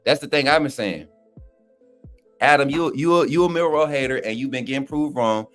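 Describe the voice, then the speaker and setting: With faint music behind him, a livestream co-host talks sports in a mid-range, slightly bright voice at normal speed. He reads chat while trash-talking in a casual, fired-up, slangy style.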